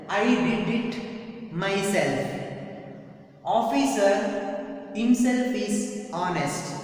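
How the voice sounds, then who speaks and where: A woman teacher with an Indian English accent giving a grammar lesson, speaking deliberately and repeating each example for emphasis. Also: mid-range voice, animated, darkish tone. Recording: echoey, reverberant room, mic far off.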